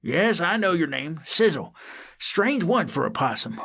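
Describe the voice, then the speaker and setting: A man's voice: fairly high pitch, sing-song, unhurried, vocal fry, a bit bright, pitched above the performer's own voice, full character voice. A man doing a rambling forgetful old cat. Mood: amused. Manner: rambling, repeats himself, teasing. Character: forgetful chatty old male house cat.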